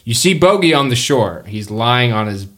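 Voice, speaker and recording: A man's voice: medium pitch, normal speed. Man running a tabletop game. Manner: relaxed, chatty, with fillers. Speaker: game master.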